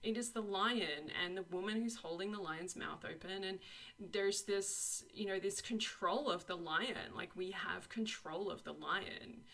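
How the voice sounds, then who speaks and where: A young woman gives a casual tarot and oracle card reading, effusive and encouraging, laughing often and saying "like" and "you know" a lot. Her mid-range voice is a little slow, gravelly and sharp in tone.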